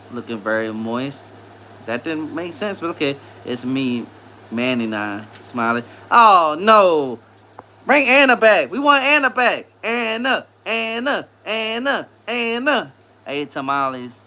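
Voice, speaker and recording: With a fairly high pitch, a man runs a relaxed live stream where he reads out viewer comments, says hello to people by name and repeats phrases.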